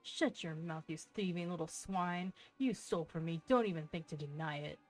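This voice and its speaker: A woman's voice: on the low side, normal speed, soft background music, lightly acted, low-quality recording. A woman voicing a greedy, bullying male merchant who sneers and threatens in a game. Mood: sneering.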